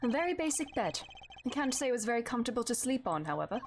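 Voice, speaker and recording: Formal male prosecutor, read by a woman; measured, lively. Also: on the high side, slight background noise. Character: proud male prosecutor, formal and self-reflective.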